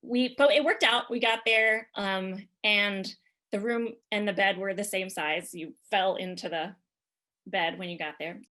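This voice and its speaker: A woman's voice: medium pitch, a little slow, bright, forceful tone. A woman, a podcast guest, telling a rambling comic travel story in a chatty way, full of fillers.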